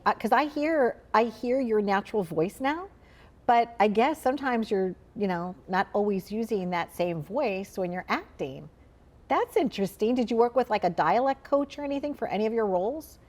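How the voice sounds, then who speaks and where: Hosting a talk show, a woman from Saint Louis in the Midwest US asks rambling, chatty questions packed with "like" during a casual interview. She sounds a little high and a little mellow, expressive, at a moderate pace.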